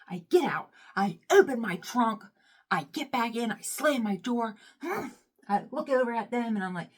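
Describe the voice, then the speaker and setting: Chatty, dramatic young woman vlogger. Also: fairly low pitch. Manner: chatty and dramatic, swinging from loud outbursts to hushed, whispery asides; self-mocking. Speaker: storytime vlogger. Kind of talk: casual storytime chat.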